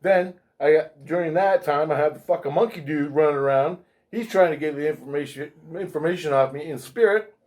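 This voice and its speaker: A man telling a story as an interview guest, profane and animated, swearing constantly. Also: a little high, fairly quick. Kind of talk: casual storytelling.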